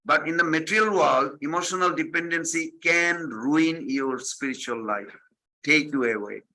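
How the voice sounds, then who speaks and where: A man's voice: fairly high pitch, normal speed, bright, forceful tone, rough recording. A man giving a devotional sermon, telling stories animatedly, repeating his phrases and acting out the quotes. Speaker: spiritual teacher.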